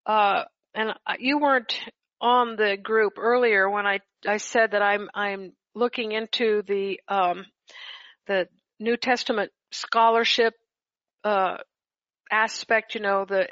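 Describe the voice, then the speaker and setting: A woman leading a group Bible study over a call, talking haltingly with many restarts. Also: mid-range voice, steady tone, fairly bright tone, dry recording, highs cut off.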